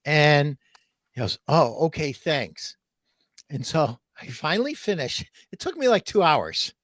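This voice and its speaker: A man hosting a podcast, telling a funny story in a lively way and laughing as he goes. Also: fairly high pitch, normal speed, dry recording, studio quality. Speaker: podcast host. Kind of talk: casual storytelling.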